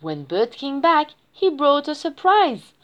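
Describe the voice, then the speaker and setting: A woman's voice: high-pitched, big pitch swings, slow pace. A woman reading a children's picture book aloud in a sing-song storytelling way. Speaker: reader.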